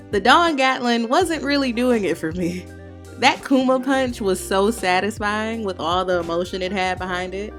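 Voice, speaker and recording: A woman hosting a manga review, recapping the chapter in casual, slangy, opinionated talk with playful heckling asides. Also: mid-range voice.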